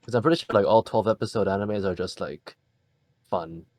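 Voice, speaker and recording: A man's voice: lowish voice, fairly quick, a little mellow, no echo. A young man co-hosting a podcast in casual chat, laid-back and chuckling between remarks. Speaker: podcast co-host.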